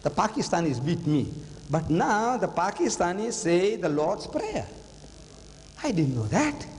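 A man's voice: sits high, sing-song, measured pace, darkish tone, big-room sound, poor audio. An older man telling a story in a public lecture to a live audience, dramatic and repeating phrases for emphasis. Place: lecture hall.

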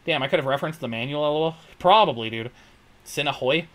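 A man's voice: fairly high pitch, quick pace, fairly bright tone. A man streaming a retro video game, chatting casually with a profane, joking, laid-back manner while greeting viewers. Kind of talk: casual gameplay chat, reading viewer messages. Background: retro game music.

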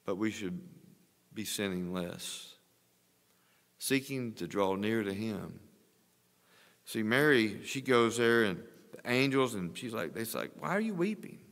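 Older preacher guy, 60s, lowish voice, earnest sermon, church hall echo. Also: slow pace, long pauses. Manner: earnest preaching, swelling louder on exhortations. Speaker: pastor. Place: church sanctuary. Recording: long church reverb.

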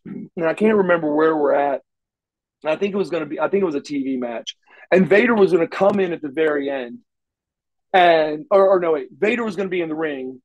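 A middle-aged former wrestler from Oklahoma, USA, is the guest in a shoot interview, telling rambling backstage stories full of restarts and salty language. His voice is on the high side, and the recording quality is low.

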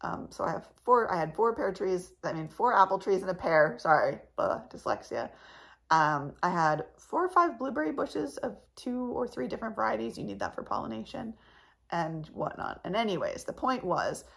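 A woman's voice: medium pitch, lively intonation, moderate pace, creaky, a bit bright. A woman vlogger chatting casually to her viewers, rambling and laughing often, her voice a little cracked in the morning. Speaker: channel host. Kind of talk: casual chat to camera.

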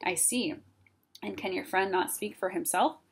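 A woman voicing a stern, formal old male owl in a storybook read-aloud, speaking in a measured, formal way. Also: mid-range voice, gravelly, husky.

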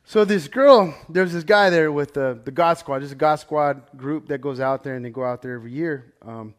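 A man with a slightly higher-than-average voice leads a Bible study in a loose, chatty sermon. He tells stories animatedly, swinging between loud and quiet, and keeps asking his listeners "right?". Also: moderate pace. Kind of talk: casual sermon storytelling.

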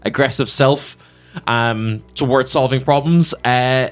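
A man's voice: medium pitch, slow pace, soft background music. A man recapping a tabletop game session in a chatty, filler-filled way. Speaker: player.

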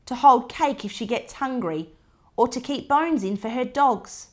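A woman voicing an excitable, cheeky young boy in a read-aloud storybook. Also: a little high, unhurried, voice pushed up, close to an everyday voice. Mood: eager. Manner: excited, demanding.

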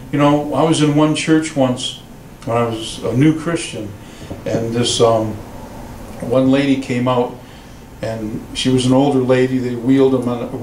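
A man preaching as a pastor, telling stories and acting out quoted voices with lively delivery. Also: roomy sound, far from the mic, a little hiss or hum, low-quality recording. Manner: animated storytelling, voices quotes in a raised pitch. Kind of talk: sermon. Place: church sanctuary.

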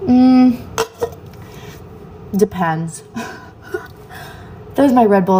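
Over a noisy background, a young adult woman speaks slowly at medium pitch, leaving long pauses. She's a student chatting casually on a phone livestream, reading out viewers' comments and replying offhandedly.

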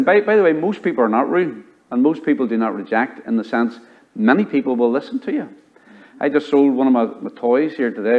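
A pastor preaching a sermon, telling stories and acting out the dialogue in them. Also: male voice, mid-range voice, narrow, tinny audio. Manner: storytelling preacher who acts out dialogue. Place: church.

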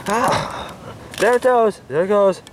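A man acting out a homemade hand-puppet skit, squabbling and whining with bursts of shouting. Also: high-pitched, takes it slowly, a little hiss or hum.

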